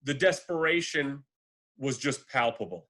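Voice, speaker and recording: A man's voice: medium pitch, animated, measured pace, bright, forceful tone. A man chatting casually as a podcast co-host over a remote call, rambling with fillers and swearing. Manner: rambling, profane, frequent fillers and restarts. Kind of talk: casual chat.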